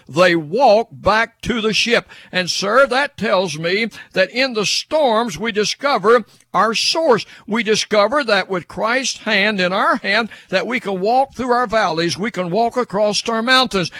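A man's voice: high-pitched, a bit bright, no echo. An older man preaching a fervent radio broadcast sermon, addressing listeners as "sir" and building repeated "yes" refrains.

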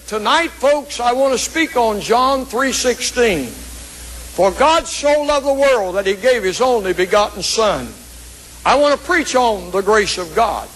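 A man's voice: very high-pitched, a bit bright, low-quality recording. A man preaching a sermon, telling a story in a rhythmic preaching cadence.

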